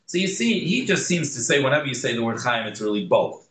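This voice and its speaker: A man teaching a Torah class, mixing Hebrew terms into English and growing animated on key points. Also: mid-range voice, fast talker, reverberant, rough recording.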